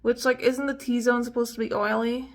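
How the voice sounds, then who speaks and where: A woman's voice: on the high side, little pitch movement, normal speed, recorded from a distance. A young woman doing a casual makeup vlog, talking frankly and swearing often with frustrated outbursts. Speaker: beauty vlogger.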